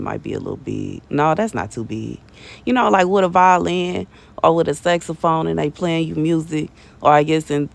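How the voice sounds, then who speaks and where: A woman delivers a casual prophetic message from a bedroom in her mother's house. She is animated and slangy, laughs often, and calls listeners baby and bruh. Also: low voice, gravelly.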